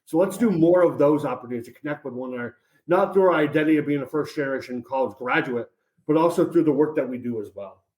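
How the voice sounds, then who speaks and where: An energetic man speaks as a podcast guest, rattling off stories at a quick clip with a slightly raised pitch. He leans on casual fillers and keeps the mood upbeat. His voice rings in a roomy, echoey space. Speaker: podcast guest, college advisor. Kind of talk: casual interview chat.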